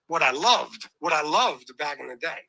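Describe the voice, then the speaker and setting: A man's voice: on the high side, animated, moderate pace, gravelly, bright, forceful tone, low-quality recording. A man in his forties reminiscing on his show, nostalgic and profane, with rambling restarts. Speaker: show host. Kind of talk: casual show chat, played back.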